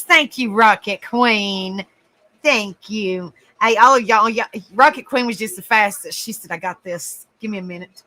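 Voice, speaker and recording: A woman's voice: medium pitch, bright, forceful tone, poor audio. A woman with a Southern US accent, hosting a casual live stream, chatty and giggly as she greets viewers by name. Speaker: livestream host.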